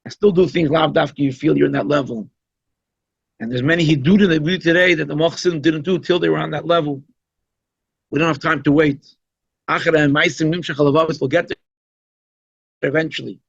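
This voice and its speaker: A rabbi gives a conversational, emphatic Chassidic talk with frequent asides. His voice sits somewhat high and has a gravelly, husky grain. The recording is dry and dull, with little room sound. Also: no echo. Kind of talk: informal Chassidic talk at a holiday gathering.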